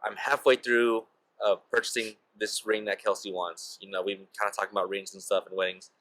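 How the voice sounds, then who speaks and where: A man's voice: on the low side, level tone, a little fast, a bit bright, no echo, low-quality recording. A young man casually telling a personal story as a vlogger, peppering his talk with "like" and "you know.". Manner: chatty, heavy use of "like" and "you know" fillers.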